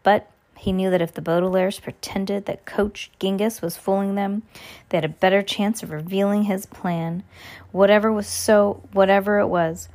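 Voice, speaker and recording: A woman's voice: fairly even intonation, normal speed, a little mellow. A woman reading a children's novel aloud and voicing every character herself. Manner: reads all parts herself, high giggles for characters. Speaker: reader. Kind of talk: audiobook reading.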